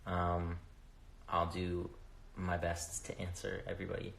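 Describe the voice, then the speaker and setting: A young man with a low voice chats loosely with viewers on a phone livestream, rambling and swearing freely as he loses his thread. His voice is gravelly, and the sound is roomy and echoey. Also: completely flat delivery, unhurried, a bit bright, a little hiss or hum. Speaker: livestream host answering viewer questions. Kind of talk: casual livestream chat. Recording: roomy echo.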